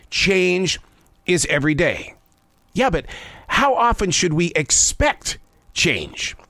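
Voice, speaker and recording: A man in his sixties hosting a scripted commentary monologue in an expressive, playful storyteller's way. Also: high voice, dry recording, clean studio sound. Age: 60s. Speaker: host. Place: South of the United States.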